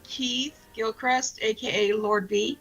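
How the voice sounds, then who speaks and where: A woman's voice: fairly high pitch, fairly even intonation, slow, vocal fry, fairly bright tone, dull audio, soft background music. A woman co-hosting a radio talk show, announcing guests in a casual, upbeat chat and laughing often.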